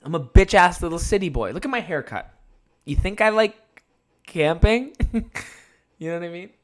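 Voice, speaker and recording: A man's voice: sits high, expressive, moderate pace. A young man hosting his own podcast, telling a rambling story in a casual, profane way and laughing often. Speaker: podcast host.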